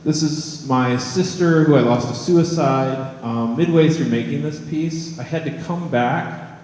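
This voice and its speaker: A man's voice: a little high, measured pace, darkish tone. Wry man speaking in an echoey hall. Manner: wry, joking, conversational. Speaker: artist and college professor giving a talk. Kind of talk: public talk to an audience. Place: large hall with audience. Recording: echoey hall with long reverb.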